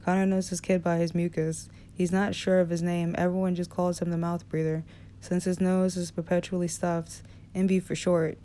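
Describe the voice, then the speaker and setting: Woman audiobook narrator, relaxed, small slips and restarts, low flat voice, smooth tone. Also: normal speed, a little hiss or hum. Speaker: audiobook reader.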